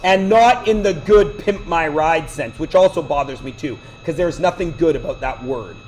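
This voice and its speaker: A man's voice: a little high, normal speed, a little mellow, a little hiss or hum, poor audio. A man teaching math to a class, lecturing with chatty, joking side stories. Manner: chatty, digressive, joking asides.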